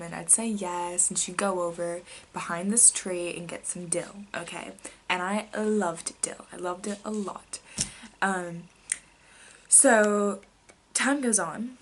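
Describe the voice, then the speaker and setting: Young woman, casual vlog storytelling, lots of likes and ums, mid pitch, slight background hiss. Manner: rambling, filler-heavy, drops to soft whispers at times. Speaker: vlogger.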